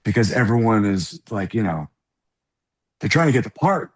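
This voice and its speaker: A middle-aged man from the South Bronx telling an animated, profane story as an interview guest, acting out the people in it. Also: fairly low pitch, normal speed, breathy edge. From South Bronx, New York. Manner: animated, profane, acts out voices in anecdotes. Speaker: guest actor.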